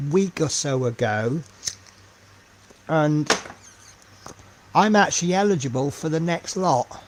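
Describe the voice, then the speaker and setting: Painting miniatures on a live stream, a man with a fairly high-pitched voice chats casually and thinks out loud, full of ums and asides that trail off.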